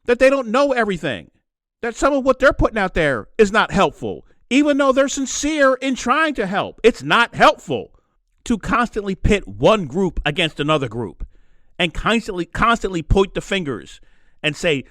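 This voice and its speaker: Impassioned man, lively high-pitched voice. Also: normal speed, dry recording, clean studio sound. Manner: impassioned, preachy, repeats phrases for emphasis. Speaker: podcast host. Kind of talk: solo opinion monologue.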